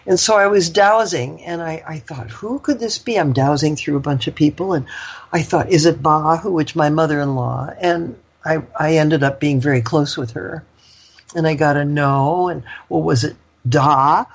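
A woman's voice: deep voice, normal speed, dull audio. An older woman, a guest, telling a personal story in a candid, rambling way, with lots of fillers and laughter.

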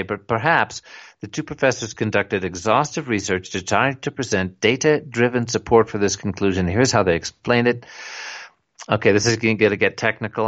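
A man's voice: lowish voice, a bit bright, highs cut off. A man hosting a radio talk show, rambling with many fillers and reading articles aloud. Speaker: radio host.

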